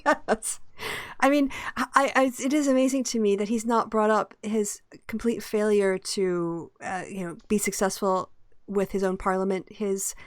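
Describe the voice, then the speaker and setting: A woman's voice: medium pitch, steady tone, unhurried. A woman with a mid-range voice hosts a casual chat, giving wry commentary between bursts of laughter. Her voice sounds close and dry, with no room echo. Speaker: host.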